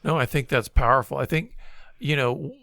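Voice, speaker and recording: A man's voice: medium pitch, fairly quick, gravelly, pushed and bright, no echo, clean studio sound. A man co-hosting a podcast, talking casually and reflectively, thinking aloud. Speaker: podcast co-host. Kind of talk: casual conversation on marriage.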